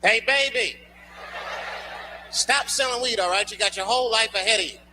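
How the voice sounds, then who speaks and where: A man performing a stand-up routine, telling a loose, profane story and shouting his punchlines. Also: high voice, normal speed. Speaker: stand-up comedian. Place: comedy club stage before a live audience. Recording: noisy live club recording.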